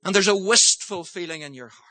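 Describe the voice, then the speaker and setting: An older male preacher gives an impassioned sermon. His voice is bright and sharp, sitting a touch high, and he moves from storytelling to forceful pleading. The recording is dry and close, with no room sound. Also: fairly quick, dry recording.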